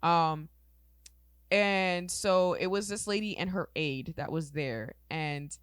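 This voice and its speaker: A woman's voice: on the low side, slow, smooth, dry recording, studio quality. A woman, co-hosting a podcast and telling stories loosely, swearing often and acting out the people she quotes. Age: 20s. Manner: loose storyteller, swears and acts out quoted voices. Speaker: podcast co-host. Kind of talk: casual chat.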